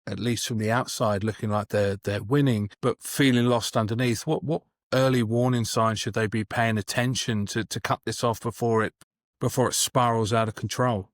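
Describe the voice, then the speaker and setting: A man's voice: on the low side, fairly even intonation, normal speed, dry recording. A man hosting a podcast, asking a long question hesitantly with many fillers. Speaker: podcast host. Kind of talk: interview question.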